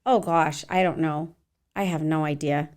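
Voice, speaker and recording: A woman's voice: low-pitched, fairly even intonation, moderate pace, a little mellow. A woman in her forties, a dance teacher, chatting casually as a podcast guest, rambling with many fillers. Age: 40s. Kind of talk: casual interview chat.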